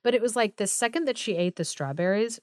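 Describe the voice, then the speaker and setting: A woman's voice: medium pitch, animated, quick pace, dry recording, studio quality. A young woman co-hosting a podcast, casually retelling a fairy tale in a chatty way with many filler words. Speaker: podcast co-host. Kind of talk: casual storytelling chat.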